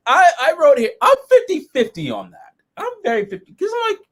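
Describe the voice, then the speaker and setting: Animated, profane man chatting casually. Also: very high-pitched, a little fast. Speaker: show host reviewing episodes. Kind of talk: casual review chat.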